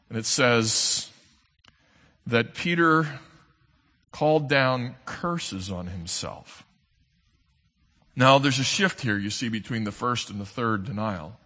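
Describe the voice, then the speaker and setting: A man preaching a sermon as an earnest storyteller, swinging between loud emphasis and soft, low asides. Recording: long hall reverb.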